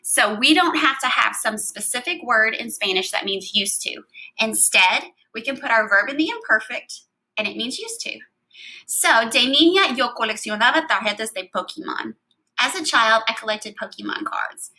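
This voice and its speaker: A woman's voice: on the high side, lively intonation, moderate pace, pushed and bright, poor audio. A woman teaching a Spanish grammar lesson, explaining patiently step by step and reading out verb endings one at a time.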